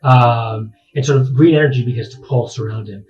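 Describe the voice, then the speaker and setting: A man working as dungeon master, narrating a tabletop game in a halting way full of restarts. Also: mid-range voice, lo-fi sound.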